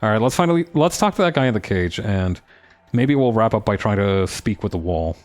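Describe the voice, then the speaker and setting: A man streams a game live, reading its text aloud and tossing in playful comments. His voice sits low but moves a lot in pitch. Faint music plays underneath. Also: animated, brisk, darkish tone.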